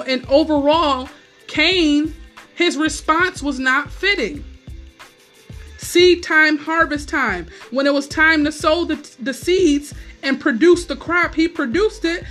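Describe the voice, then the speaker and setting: Woman, preacher, high voice, conversational sermon, frequent asides, faint music behind. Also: a bit bright.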